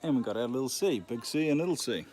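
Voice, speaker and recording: A man's voice: medium pitch, animated, quick pace, a little mellow. A man chatting jokingly to his channel while sharpening a chainsaw outdoors. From New Zealand. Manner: joking, self-mocking, easily distracted. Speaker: channel host. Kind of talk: casual chat while working. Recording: noisy outdoor recording with filing and birds.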